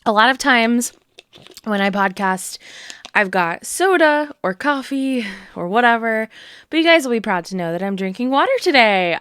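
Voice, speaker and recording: A chatty young woman, vlogging casually about her week as a small shop owner, now and then dropping into a hushed whisper. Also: fairly high pitch, animated, normal speed, smooth, low-quality recording. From Texas. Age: 20s. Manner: bubbly, chatty, drops to whispers when cozy. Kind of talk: casual vlog chat. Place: outdoors at home during a rainstorm, then indoors. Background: rain falling.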